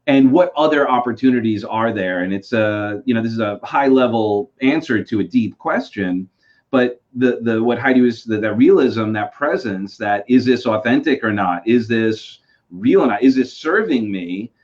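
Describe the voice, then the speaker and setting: Man guest coach, reflective and searching, average pitch, dull lo-fi sound. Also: lively intonation, normal speed, a little mellow. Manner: reflective, searching, many restarts. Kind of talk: casual interview talk.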